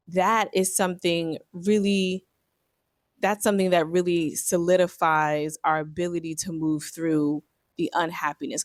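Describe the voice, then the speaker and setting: A woman in her thirties, a marriage coach, telling a personal story in a reflective, earnest way with many fillers, turning animated in her examples. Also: lowish voice, no room sound, studio quality.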